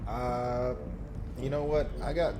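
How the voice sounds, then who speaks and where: A man's voice: medium pitch, steady tone, slow, crowd noise, rough recording. A man playing a tabletop game, chatting in a laid-back way. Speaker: player. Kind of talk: casual chat.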